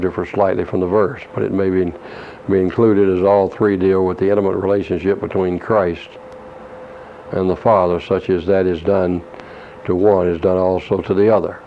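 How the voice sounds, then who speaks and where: Deep, flat-voiced man teaching scripture. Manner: slow, measured reading of scripture with Greek word study. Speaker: preacher. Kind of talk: expository Bible teaching. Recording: dull lo-fi recording with faint hiss.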